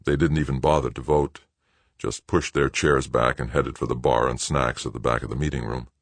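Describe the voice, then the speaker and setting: Male audiobook narrator, deep and husky, dry close read. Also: no echo. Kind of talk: scripted narration.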